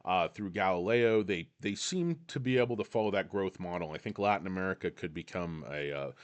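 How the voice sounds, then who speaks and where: A man's voice: low voice, expressive, brisk. A man hosting casual stock commentary, reading an article aloud and rambling off into joking asides.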